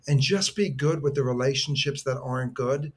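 A middle-aged man talks as a podcast guest at a mid-range pitch. He tells his stories earnestly and from the heart, rambling and restarting his sentences as he goes. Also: normal speed, breathy edge. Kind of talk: conversational storytelling.

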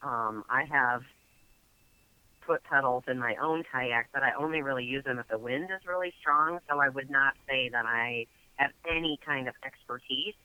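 A man's voice: mid-range voice, moderate pace, pushed and bright, clear, resonant tone, no echo, rough recording. A man telling a story casually as a guest, chatty and full of fillers.

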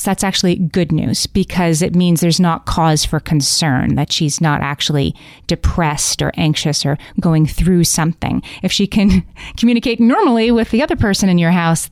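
A woman's voice: lowish voice, darkish tone, dry recording, studio quality. A middle-aged woman hosting a parenting podcast, giving candid, conversational advice and acting out what the kids say.

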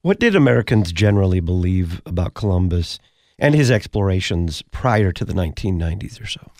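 A man hosting a radio interview, asking questions in a measured, inquisitive way. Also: sits low, sing-song, darkish tone, no echo, clean studio sound. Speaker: radio host.

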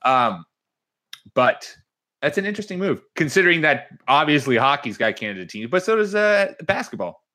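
Animated, bright-voiced male podcast host. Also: on the high side, normal speed. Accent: Minnesotan. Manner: animated, jokey, rambling with restarts. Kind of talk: casual sports podcast chat.

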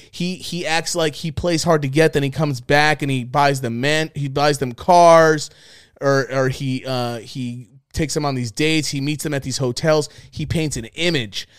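A man's voice: a little high, clean tone, dry recording. Profane joking male podcast host, dry sound. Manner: profane, joking, laughs often. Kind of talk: casual chat.

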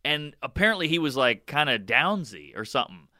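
A man on a podcast, telling a comedy club horror story in an excitable, loose way with loud acted-out quotes. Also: medium pitch, a little fast, no echo, studio quality. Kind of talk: comedic storytelling in casual chat. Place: podcast studio.

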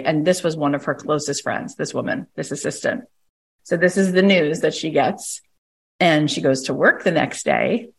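Woman host-coach, middle-aged, low-ish voice, animated and emphatic when telling stories. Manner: animated storyteller, emphatic, uses "like" often. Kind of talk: coaching conversation, storytelling.

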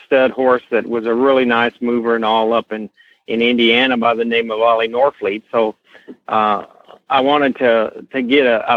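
A middle-aged man with a slow Southern Kentucky accent, telling stories as an interview guest, unhurried with many fillers. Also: medium pitch. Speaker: guest, horse association president. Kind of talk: casual podcast interview, storytelling. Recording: tinny phone-line sound.

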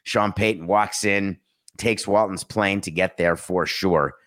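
Sarcastic low-voiced male sports host. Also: steady tone, a little slow, fairly bright tone. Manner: sarcastic, mocking, theatrical asides. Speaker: sports talk podcast host. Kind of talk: casual sports commentary.

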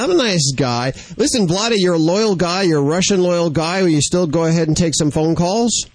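A man hosts a radio talk show and teases his guest in a playful way. His voice sits a little high for a man. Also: expressive, normal speed, few pauses, dry recording.

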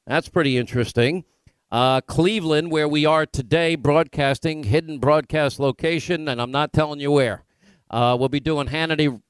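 A man hosting a political talk radio show from a remote broadcast location, firing off rapid rhetorical questions. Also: on the high side, smooth, no room sound.

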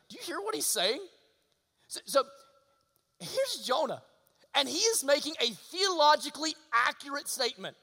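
A man's voice: very high voice, sing-song, moderate pace, gravelly, long pauses, sharp tone. A man preaching a sermon as pastor, earnest and direct, often asking the listeners rhetorical questions. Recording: long hall reverb.

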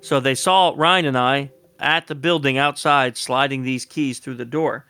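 A man who works as a security consultant tells a lively story in an interview, laughing often and acting out the quotes. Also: mid-range voice, a little slow, clear, resonant tone, no room sound, studio quality.

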